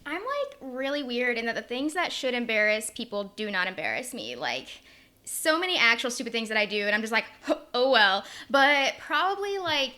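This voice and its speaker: A woman chats casually as a podcast guest. Her voice is bright and slightly high, with a lively, bouncing pitch. She pokes fun at herself and laughs often. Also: moderate pace. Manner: chatty, self-deprecating, laughs often. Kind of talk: casual chat.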